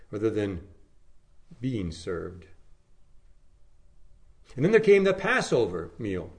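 A man preaching a sermon, telling the story by rising to emphatic phrases and then dropping to hushed, low lines.

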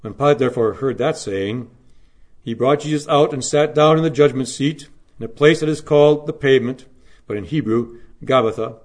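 A pastor delivers a Good Friday sermon at medium pitch, first reading scripture aloud, then preaching earnestly and with measure, rising dramatically and dropping to a hush.

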